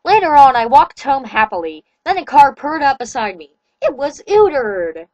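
A woman reads fan fiction aloud in a deadpan style and drops in wry asides. Her voice is high and sits close to the mic, with a dry sound. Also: moderate pace, no echo, muffled recording. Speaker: reader. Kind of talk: comedic reading of fan fiction.

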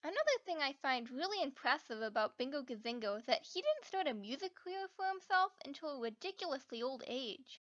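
A woman's voice: high voice, lively intonation, brisk, few pauses, a bit bright, lo-fi sound. A woman narrating a documentary video in an earnest, enthusiastic scripted voice-over.

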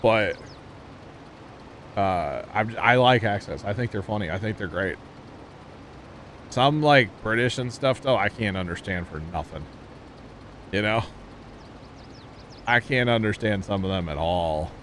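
With a lowish voice and lively intonation, a Midwestern gaming streamer talks to his chat at a measured pace, leaving long pauses. The tone is a bit bright, there's slight background noise, and his livestream chatter rambles with lots of fillers.

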